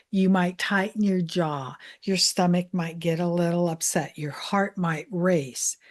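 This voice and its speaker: A woman money mindset coach giving a calm, soothing self-help training talk. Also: lowish voice. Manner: calm, slow, soothing guidance.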